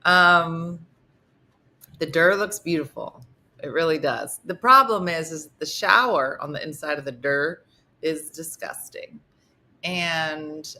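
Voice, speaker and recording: Middle-aged woman host, low bright voice, chatty and loose, reads comments aloud. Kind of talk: casual livestream chat.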